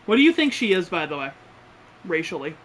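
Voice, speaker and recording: A man's voice: sits high, very animated, fairly quick, a bit bright, a little hiss or hum. A man streaming a game, giving joking, profane, blunt commentary. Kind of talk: casual gameplay commentary.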